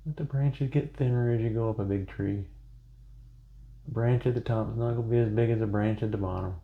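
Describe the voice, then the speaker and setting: A man's voice: lowish voice, fairly even intonation, fairly quick, phone-quality sound. A man chatting casually through a painting tutorial, rambling into self-joking asides as he works. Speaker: painting instructor.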